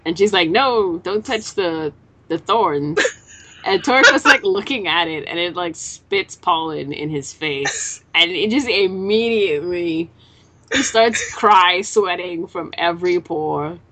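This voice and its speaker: Woman, somewhat low voice, casual recap, animated, swears, acts out lines. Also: unhurried. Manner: animated retelling, acting out characters' lines. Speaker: podcast co-host. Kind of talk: casual chat recapping a manga chapter.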